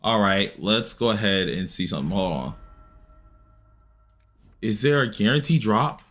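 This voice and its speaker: A young man talks through a game stream in loose, rambling chat, his pitch swinging widely as he leaps into excited high yelps. His tone is bright and edgy, with a clear, forward ring. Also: a little slow. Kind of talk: casual gaming stream chat.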